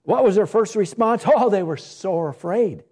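A man's voice: high voice, animated, moderate pace, darkish tone. A male pastor preaching a sermon with emphatic delivery and many rhetorical questions.

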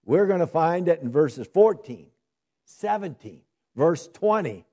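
A man delivers a Bible-teaching sermon at an unhurried pace. His voice is warm and mellow, sits slightly high, and moves through a lively pitch range. He reads verses with emphasis and asks his listeners rhetorical questions before answering them. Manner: reads scripture aloud slowly and emphatically, then explains it. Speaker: preacher. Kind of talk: expository sermon.

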